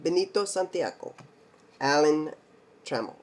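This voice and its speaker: Slow, self-joking man reading out cards. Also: on the high side, animated. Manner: reads names slowly, stumbles and jokes to himself. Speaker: card collecting video host. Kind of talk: casual mail day card showcase.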